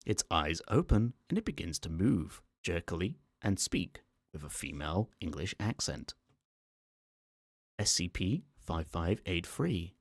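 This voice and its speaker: Deep, slow-reading calm male narrator. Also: husky, dry recording, studio quality. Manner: calm, measured, matter-of-fact. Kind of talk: ASMR story reading.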